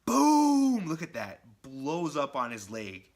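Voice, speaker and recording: Excited man reviewing comics. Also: mid-range voice, unhurried. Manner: excited, enthusiastic, chatty. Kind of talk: casual video review.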